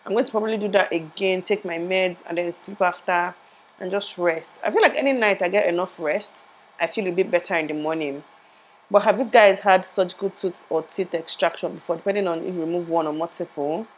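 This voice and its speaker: A young woman talks to her viewers in a rambling, chatty way, often laughing at herself. Her voice sits on the low side and is a little muffled, as she is still sore from a tooth surgery. It is recorded close on a lapel mic. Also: a little fast. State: in pain after tooth surgery, speech a bit muffled. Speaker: vlogger. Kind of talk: casual vlog chat.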